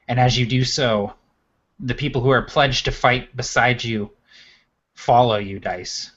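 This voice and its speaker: A man running a tabletop game, narrating scenes in a measured, vivid way. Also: mid-range voice, fairly bright tone, muffled recording. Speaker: game master.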